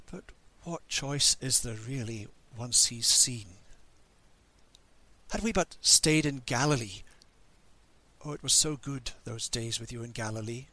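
In a dramatic monologue during a church service, a man voices the disciple Peter at the cross, grieving and angry. His mid-range voice is pushed and bright, with no echo, as he sounds bitter, questioning, and self-reproaching.

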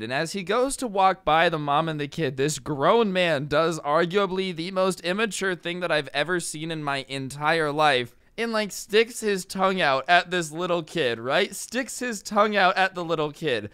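Young man, storytime vlogger, bright and crisp, dry close mic, chatty. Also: a little high, no room sound. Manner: chatty, filler-heavy, acts out quoted people. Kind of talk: casual storytelling over gameplay.

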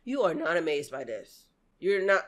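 A woman hosting a casual reaction video, exclaiming and laughing loudly in chatty slang. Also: low voice, very animated, normal speed, over loud music.

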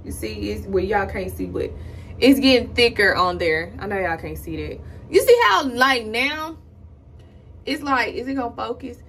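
A woman's voice: fairly high pitch, expressive, moderate pace, fairly bright tone, slight background noise. A young woman filming a casual get-ready-with-me tutorial at home, chatting straight to her viewers and calling them "y'all". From Houston, Texas. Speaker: beauty vlogger. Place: at home, indoors.

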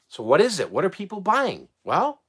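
A middle-aged man giving casual advice as a channel host, blunt and animated, swearing casually and laughing often. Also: high voice, moderate pace, breathy edge. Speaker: eBay reseller and channel host.

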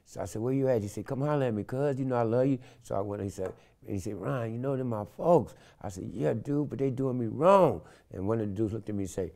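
Animated older man telling a street story. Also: mid-range voice, fast, creaky. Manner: animated storyteller acting out quotes in loud shifts. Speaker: interview guest. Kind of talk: storytelling interview.

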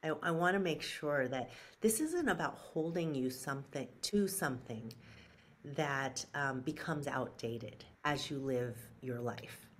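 A woman with a low voice answers an interviewer in an unhurried way. She sounds earnest and reflective, working her thoughts out with restarts and fillers. She takes her time over each point. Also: expressive, husky. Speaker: guest, brand strategist and author.

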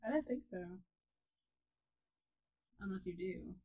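A woman chatting casually as she plays a co-op farming game, giggly and often trailing off softly. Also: sits high, expressive, unhurried, pauses often, low-quality recording. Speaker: let's play host. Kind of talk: casual gaming commentary.

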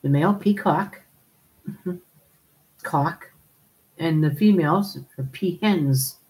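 Slow, chatty woman hosting a live stream. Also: low voice, a little mellow, rough recording. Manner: chatty, rambling, laughs often, calls viewers darling. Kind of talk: casual chat reading viewer comments.

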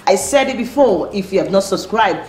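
A woman's voice: mid-range voice, animated, fairly quick, a little mellow, slight background noise. A woman parenting coach giving earnest advice, repeating her key points. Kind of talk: instructional talk to camera. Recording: roomy, faint music.

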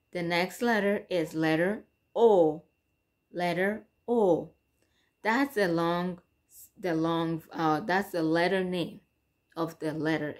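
A woman whose first language is Swahili, teaching English phonics at a very slow pace. She stretches out each vowel sound and repeats it several times, moving between English and Swahili. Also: lowish voice, darkish tone.

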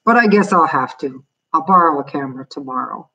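A woman voicing a proud, stern father who grumbles at his family in a storybook reading, with a husky voice. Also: deep voice, animated, a little fast, bright, forceful tone, far from the mic, dull audio, exaggerated voice. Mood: grumbling.

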